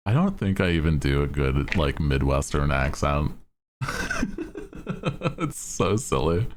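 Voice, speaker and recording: A man's voice: rumbling low, lively intonation, a little slow, a little hiss or hum. A male streamer chatting casually in a laid-back, slangy way and laughing often.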